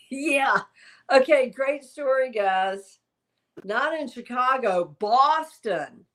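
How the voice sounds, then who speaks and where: A woman's voice: sits high, lively intonation, drawn-out words, a bit bright. A woman hosting a livestream as a psychic medium, telling a rambling story in casual chat and stopping now and then to talk to her pet.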